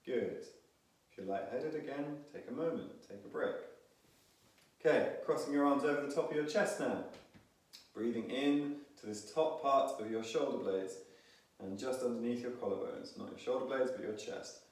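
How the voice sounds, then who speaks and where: A man's voice: medium pitch, moderate pace, recorded from a distance. Man leading a breathing class, echoey room. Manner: calm, instructive, counting and cueing each movement. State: slightly out of breath. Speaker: movement instructor. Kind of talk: guided movement and breathing class.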